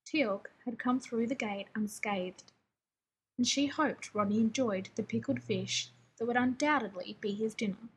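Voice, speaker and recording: A woman reading a story aloud in a wry, even way. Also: a little high, measured pace, slight background noise, low-quality recording. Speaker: reader.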